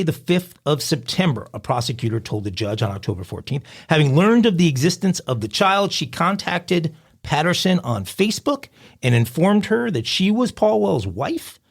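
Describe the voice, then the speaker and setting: A man's voice: mid-range voice, gravelly. A man co-hosting a crime podcast, reading news stories aloud and adding jokey asides. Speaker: podcast co-host.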